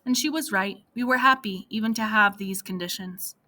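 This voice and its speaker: A woman narrating a first-person story for an audiobook in a plain, steady manner. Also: mid-range voice, normal speed.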